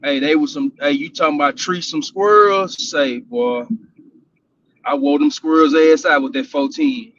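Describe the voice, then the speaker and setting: A man's voice: fairly high pitch, lively intonation, moderate pace, a bit bright, dull audio. A man from Houston with a Texas accent, telling hunting stories in a drawling, laughing way. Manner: drawling, laughs often, restarts mid-sentence. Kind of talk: casual storytelling chat.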